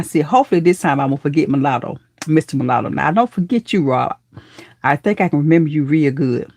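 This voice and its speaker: A woman hosting a casual live-stream chat, affectionate and lively, calling her viewers honey, baby and girl as her voice jumps up in excited greetings. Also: deep voice, vocal fry, husky, no echo, studio quality.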